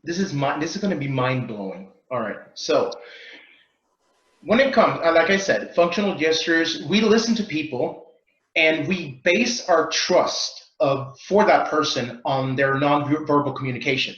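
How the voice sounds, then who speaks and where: Animated man, roomy lo-fi sound. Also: a little high, measured pace. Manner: lively, playful, acts out mock accents and sounds. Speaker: communication expert guest. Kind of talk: animated interview answers.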